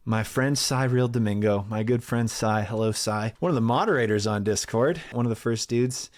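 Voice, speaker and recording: A man with a mid-range voice chats casually through a stack of viewer questions. He is candid and relaxed, laughs easily and drops the odd swear. The sound is close and clean from a home studio mic in a treated room. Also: medium pitch, normal speed. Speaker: YouTube narrator answering viewer questions. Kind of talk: casual chat.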